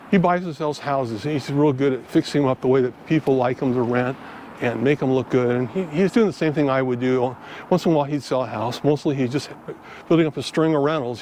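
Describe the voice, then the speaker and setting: A man's voice: a little high, darkish tone, a little hiss or hum. An older man, a vlogger, telling a folksy story in casual monologue and acting out both sides of the conversations in his own voice. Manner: folksy, chatty, acts out dialogue in his own voice. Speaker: vlogger giving selling tips.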